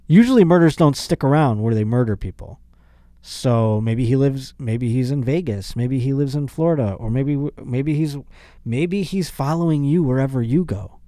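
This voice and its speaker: A man's voice: medium pitch, expressive, normal speed, a little mellow, dry recording, clean studio sound. A man hosting his podcast in a casual comedic monologue, rambling and sarcastic. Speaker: podcast host.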